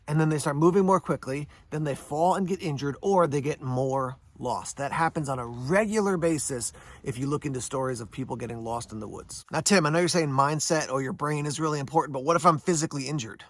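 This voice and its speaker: On his survival channel, a man with a voice on the high side talks casually and briskly to camera, explaining things step by step and answering questions he imagines viewers asking. The recording has no echo.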